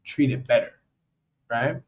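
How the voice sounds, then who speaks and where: An American man hosting a casual advice monologue, talking loosely and bluntly with lots of "man" and "you know". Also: unhurried. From United States. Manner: acts out quoted voices, slangy and blunt. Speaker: host. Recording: dull lo-fi sound.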